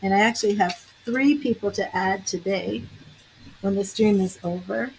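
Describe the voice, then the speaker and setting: A woman's voice: medium pitch, normal speed, gravelly, a little mellow, a little hiss or hum, rough recording. A woman tarot reader and psychic medium chatting on a livestream, laughing often and greeting viewers by name. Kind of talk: casual livestream chat.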